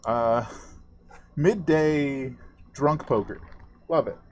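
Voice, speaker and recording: A male game master narrating a tabletop game in a halting way, with many fillers. His voice sits at an ordinary middle pitch. A faint noise runs under the recording. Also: darkish tone.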